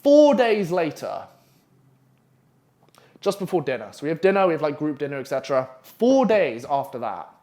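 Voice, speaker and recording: A young man in his twenties tells a long story to the camera in a casual, swearing, animated way. His voice sits a bit high for a man, and he rambles with plenty of "like" and "anyway". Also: quick pace, few pauses. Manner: profane, animated, rambling with frequent fillers.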